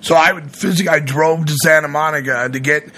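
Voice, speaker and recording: Male radio personality, casual rambling storyteller, bright forceful tone. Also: fairly high pitch, fairly even intonation, fast talker. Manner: rambling, acts out quoted voices.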